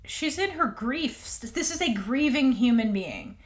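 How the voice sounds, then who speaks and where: A woman co-hosting a casual recap chat, animated and acting out character lines. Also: sits high, a little slow. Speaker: podcast co-host.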